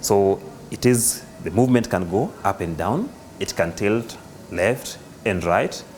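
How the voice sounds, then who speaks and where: A man's voice: lowish voice, measured pace, darkish tone, a little hiss or hum. A hospital worker showing an operating table and groping for words as he explains it. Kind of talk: explaining equipment on a tour.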